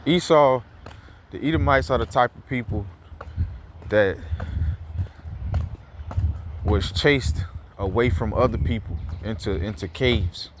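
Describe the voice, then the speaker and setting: A man's voice: medium pitch, takes it slowly, long pauses, slight background noise. A man giving casual, heated commentary while out walking, rambling with fillers and repeats, swearing freely. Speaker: scripture commentator. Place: outdoors, walking around a neighborhood.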